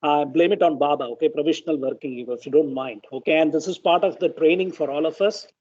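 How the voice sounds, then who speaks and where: A man's voice: a little high, fast talker, darkish tone. A man, reading and arguing emphatically in an online study group, often saying "okay". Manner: emphatic, apologetic, repeats "okay". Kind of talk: heated group discussion and reading. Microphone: video call. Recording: dull lo-fi video call audio.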